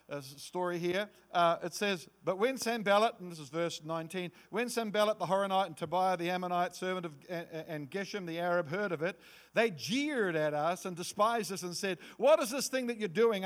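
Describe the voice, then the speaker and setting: A male pastor preaching a sermon, acting out quotes in different voices and dropping to a low hush for emphasis.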